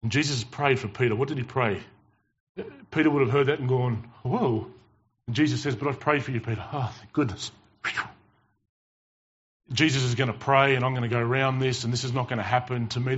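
Animated pastor preaching. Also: male voice, mid-range voice. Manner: animated, emphatic storytelling with jokes. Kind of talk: sermon. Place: church. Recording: dull lo-fi church recording.

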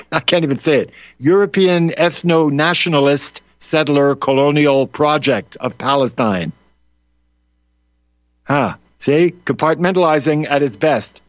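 A man's voice: a little high, no echo. Rambling male radio talker, dull lo-fi sound. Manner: rambling, full of "you know" and asides. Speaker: radio show host. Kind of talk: opinionated talk show commentary.

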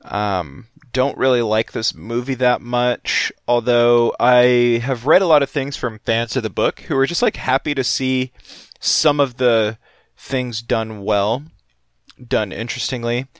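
Animated young man, dry close sound. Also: mid-range voice, unhurried, clear, resonant tone, dry recording. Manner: animated, swears, acts out quoted lines. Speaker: podcast co-host. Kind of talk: casual chat.

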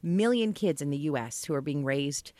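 A woman's voice: low-pitched, animated, normal speed, darkish tone, no echo. A woman co-hosting a radio morning show, talking in an earnest, encouraging way. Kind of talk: radio talk.

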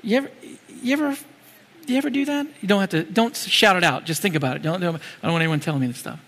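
A man preaching a sermon in a conversational, animated way, full of rhetorical questions. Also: a little high, rapid-fire, long reverb tail.

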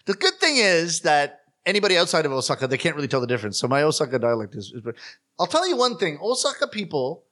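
Canadian male performer, bright slightly high voice, chatty and self-deprecating in interview. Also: fast. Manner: lively, self-deprecating storyteller. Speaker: rakugo performer. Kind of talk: conversational interview.

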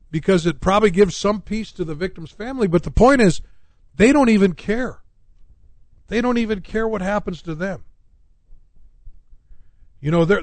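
Male pastor, middle-aged, slightly high voice, rambling sermon talk, dry close-miked sound. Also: no echo. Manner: rambling, many fillers and restarts. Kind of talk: radio talk-show sermon.

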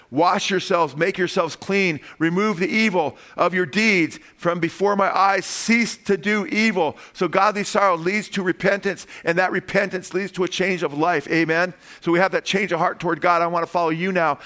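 A man preaching from the pulpit in a slightly high voice. He swings between loud emphatic lines and soft asides, asking his listeners "amen?" as he goes. He acts out the people in his stories as he preaches. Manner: animated preaching with frequent "amen?" calls to the congregation; acts out quoted voices in storytelling. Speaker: pastor. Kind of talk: sermon.

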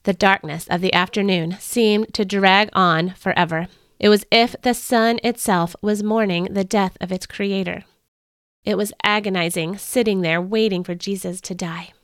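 A woman hosting a podcast, reading a first-person story in an earnest, expressive way. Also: mid-range voice, normal speed, clean tone, dry recording, clean studio sound. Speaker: podcast host.

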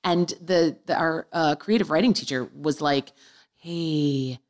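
A woman's voice: deep voice, normal speed, a little mellow. A woman in casual podcast chat, telling teenage stories and laughing at her own old writing. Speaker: podcast guest. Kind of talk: casual chat, reading old poems aloud.

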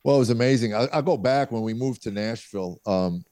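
A middle-aged comedian hailing from a small town south of Chicago, USA, shares anecdotes in a podcast interview. He's brisk and medium-pitched, a lively storyteller who impersonates voices, and the recording is dry.

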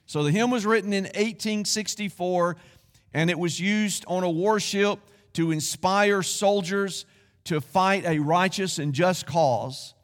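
A man's voice: sits high, a little slow. Man, pastor, sermon, conversational, folksy asides, echoing sanctuary. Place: church sanctuary.

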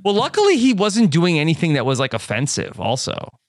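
A man's voice: fairly high pitch, wildly swooping pitch, fairly quick, slight background noise. A man co-hosting a podcast in casual chat, talking with frequent fillers and restarts. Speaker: podcast co-host.

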